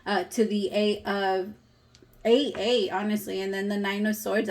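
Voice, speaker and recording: A woman in her thirties giving a casual tarot reading, chatty and emotional, with some casual swearing. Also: medium pitch. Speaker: tarot reader.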